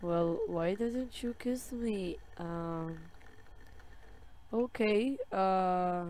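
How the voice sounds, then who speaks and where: A woman playing a game on camera, reading its chat messages aloud in a slow, drawn-out way and reacting with soft sympathy. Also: medium pitch, a little hiss or hum. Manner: reads dialogue slowly, with soft sympathetic reactions. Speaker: gaming video creator. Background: loud game music and keyboard typing.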